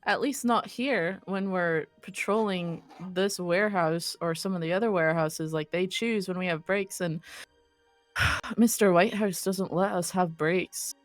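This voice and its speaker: A young woman running a tabletop role-play as game master, narrating in a quick, chatty way and laughing often. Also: on the low side, no echo, soft background music.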